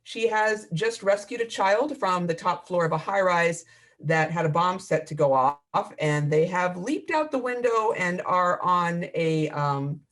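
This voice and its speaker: A man, an author, reading his own fiction aloud in a measured, expressive storytelling manner. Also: fairly high pitch.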